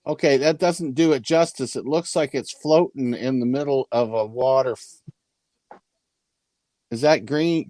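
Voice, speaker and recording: A man's voice: mid-range voice, unhurried, warm tone, dry recording. A man from New Mexico co-hosting a casual video call chat, joking and easygoing.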